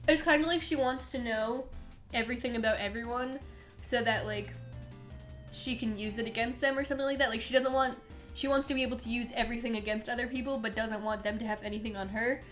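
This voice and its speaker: A woman's voice: a little high, steady tone, quick pace, fairly bright tone, soft background music. A young woman co-hosting a podcast in casual chat, sarcastic and chatty, acting out scenes in mock voices and laughing often. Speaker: podcast co-host.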